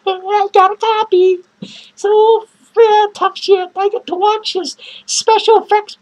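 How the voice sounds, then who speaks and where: A man playing a lonely, bitter, foul-mouthed female clown in a comedic horror-movie review skit, rambling and swearing in a shrill falsetto. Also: creaky, darkish tone, exaggerated voice, rough recording. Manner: rambling, swearing, cackling between lines.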